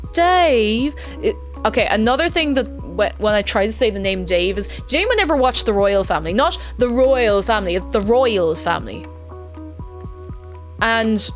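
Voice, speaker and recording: Chatty woman streaming a game. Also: sits high. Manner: chatty, giggly, rambling asides. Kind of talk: casual live-stream chat while playing.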